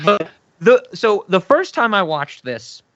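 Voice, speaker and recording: A man's voice: sits high, sing-song, slow pace, fairly bright tone, no room sound, highs cut off. A man co-hosting a podcast in casual chat, laughing often and rambling off on tangents. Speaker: podcast co-host.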